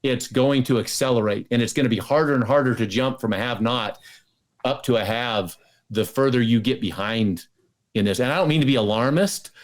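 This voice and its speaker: A man's voice: mid-range voice, a little fast. A man as a guest in an interview, talking casually and eagerly, often restarting and repeating words. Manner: enthusiastic, many restarts and repetitions.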